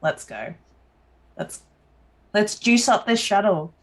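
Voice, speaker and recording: A woman's voice: mid-range voice, very animated, slow, a crowd in the background. A woman playing a tabletop game, giving short agreeing replies and plans. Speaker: player.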